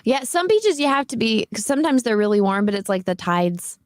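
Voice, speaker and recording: A young woman chatting as a guest on a live stream. She sounds bubbly and talkative, with a fairly high voice. Her sound is dry and close, like on a video call. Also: sing-song, brisk, no room sound. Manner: bubbly, chatty, lots of fillers. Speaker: guest, cosplay model. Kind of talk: casual live-stream chat.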